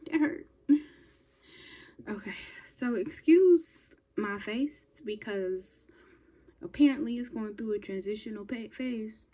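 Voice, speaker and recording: A woman's voice: on the low side, warm tone, slightly rough. A young woman chatting to herself while reacting to a music video, sometimes dropping into whispers. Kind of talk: casual reaction commentary.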